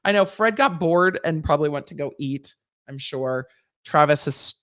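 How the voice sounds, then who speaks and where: A woman's voice: low-pitched, animated, normal speed, fairly bright tone. Chatty woman legal livestream host. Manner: chatty, conversational, with frequent restarts and asides; breezy and sassy, mixing slang into legal talk. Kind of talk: casual livestream Q&A, answering viewer chat.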